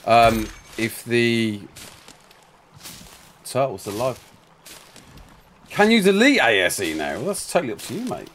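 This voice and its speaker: Lively, chatty man streaming a game. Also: medium pitch, slight background noise. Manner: chatty, rambling, talks to chat and himself, quick exclamations. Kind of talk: casual live-stream chat while playing.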